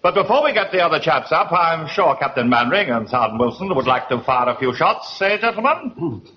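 A barking, sarcastic army major. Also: male voice, fairly high pitch, sing-song, brisk. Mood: stern. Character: brusque army major, stern, sarcastic officer. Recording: muffled old broadcast with hiss.

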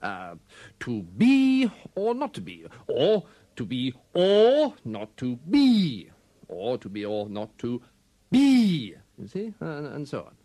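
A man's voice: mid-range voice, very animated, a little fast. A man playing a pompous, rambling veteran stage actor in a comedy sketch, with a plummy voice. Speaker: interviewee.

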